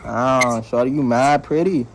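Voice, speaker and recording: A young man, a YouTuber, trolling a stranger on a video call in a loud, joking way, repeating his lines. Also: mid-range voice, unhurried, noisy background. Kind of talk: casual video-chat trolling. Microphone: phone on video call.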